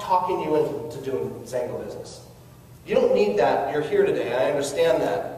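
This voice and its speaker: A man's voice: fairly high pitch, expressive, moderate pace, darkish tone, slight background noise. A man giving a motivational network marketing talk, earnest and coaxing, asking his audience questions. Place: large hall with an audience. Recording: echoey hall recorded from far off.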